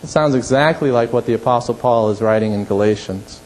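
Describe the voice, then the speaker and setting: A male pastor preaching a sermon, emphatic, rising to forceful peaks and dropping low. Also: animated, quick pace, few pauses, poor audio.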